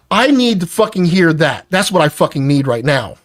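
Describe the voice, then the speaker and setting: A man's voice: fairly high pitch, sing-song, normal speed, no echo. Furious, swearing man lecturing hard. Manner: angry, profane, lecturing. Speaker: business owner confronting an employee. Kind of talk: heated work argument.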